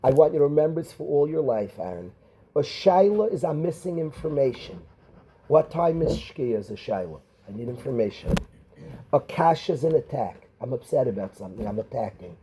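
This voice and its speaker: A middle-aged rabbi, teaching a class of students and calling on them by name with questions. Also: male voice, mid-range voice, sing-song, brisk, mellow, a little hiss or hum, rough recording. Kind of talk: Torah class.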